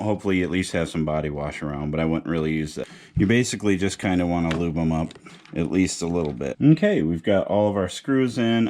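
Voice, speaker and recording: A man narrating a guitar repair how-to in a casual, joking, slangy way. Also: low voice. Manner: laid-back, joking, slangy. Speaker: guitar repair video host.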